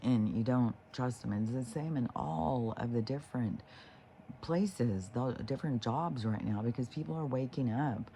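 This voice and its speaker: Gravelly, dark-toned man for a spiritual vlog, rambling and profane, full of fillers. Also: medium pitch, moderate pace, a little hiss or hum. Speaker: spiritual vlogger. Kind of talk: casual rambling monologue.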